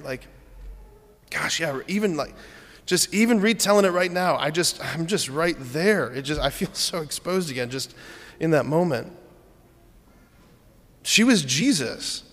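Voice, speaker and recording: A man's voice: fairly high pitch, lively intonation, measured pace, fairly bright tone. A man giving a conversational sermon, telling a candid personal story with a self-deprecating manner and frequent asides to the congregation. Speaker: preacher. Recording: long reverb of a large hall.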